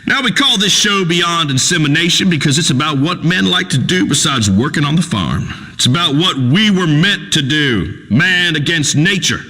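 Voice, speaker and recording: A crude, pompous radio host, booming through a long hall reverb. His voice rides high and bright, swinging up and down as he blusters in folksy broken grammar. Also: sing-song, moderate pace, hardly any pauses, heavily acted. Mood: boastful. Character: crude redneck male talk radio host. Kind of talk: comedic radio talk show acting.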